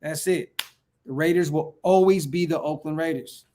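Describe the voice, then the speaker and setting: A hyped man from Northern California hosts a casual fan livestream, reading viewer comments aloud and answering them. His voice sits a little high for a man, and his talk is slangy and full of repeated phrases. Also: normal speed, darkish tone. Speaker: fan channel livestream host.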